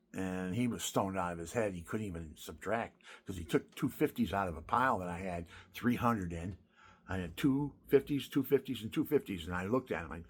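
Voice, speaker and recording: A man delivering a rambling, indignant rant, swinging from loud outbursts to hushed asides. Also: sits low, breathy edge.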